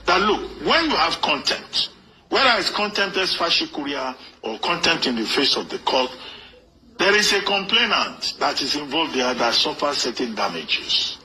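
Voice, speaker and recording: Male commentator, lecturing, very bright tone. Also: a little high, very animated, normal speed, slight background noise, poor audio. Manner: lecturing, explanatory, self-assured. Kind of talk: explanatory commentary.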